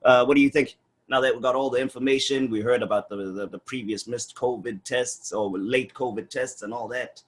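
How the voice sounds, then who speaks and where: A man co-hosting a casual football chat, asking questions in a relaxed way with plenty of "uh" pauses. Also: mid-range voice.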